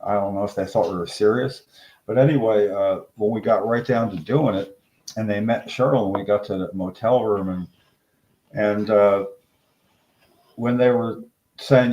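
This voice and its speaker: A man's voice: on the low side, normal speed, muffled recording, a little hiss or hum. Older man telling a rambling story. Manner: rambling, animated, acts out quoted voices. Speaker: guest. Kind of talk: casual storytelling in an interview. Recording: echoey room.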